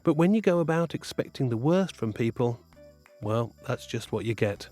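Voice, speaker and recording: A man telling a fairy tale for children in an expressive, playful way. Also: mid-range voice, normal speed, no room sound, soft background music. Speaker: storyteller. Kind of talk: storytelling for children.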